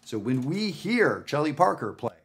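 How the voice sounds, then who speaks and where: A Canadian jazz teacher gives a casual video lesson from his home studio, with his dog there too. He talks conversationally and emphatically, often checking in with "right?", in a very animated, slightly high voice at a moderate pace.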